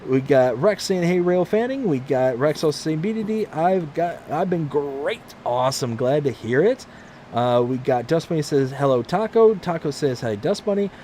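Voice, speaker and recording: A man's voice: on the high side, expressive, normal speed, warm tone, slight background noise. A man hosting a casual gaming livestream from home, reading viewer comments aloud in a friendly, upbeat way. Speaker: livestream host. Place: home room, mostly packed up.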